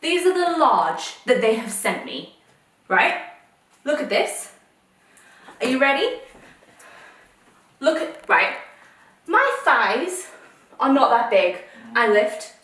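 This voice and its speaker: A woman's voice: a little high, a bit bright, distant mic. Ranting young woman in echoey room. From United Kingdom. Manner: ranting, exasperated. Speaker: vlogger. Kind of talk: try-on haul vlog. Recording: echoey room, voice a little off mic.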